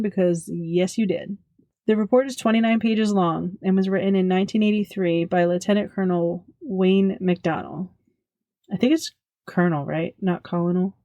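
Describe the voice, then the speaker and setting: A woman's voice: mid-range voice, mellow, dry recording. A woman hosting a podcast in a casual monologue, chatty and giggly, full of jokey self-deprecating asides. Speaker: podcast host.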